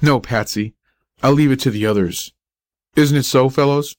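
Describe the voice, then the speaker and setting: A man voicing a young college athlete who speaks low and tenderly to a dying boy. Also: normal speed, no echo, lightly acted. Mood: sturdy.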